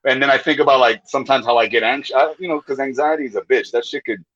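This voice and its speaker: A man's voice: mid-range voice, quick pace, a bit bright. A young man, a comedian, chatting casually as a podcast guest, rambling and swearing, with many restarts. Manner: rambling, profane, frequent restarts and laughs. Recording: slightly muffled lo-fi audio.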